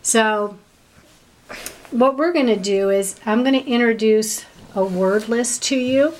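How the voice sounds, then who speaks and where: A woman's voice: a little high, slight background noise. Brief: woman teacher, patient, one-on-one tutoring, prompts with questions. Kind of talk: one-on-one reading lesson.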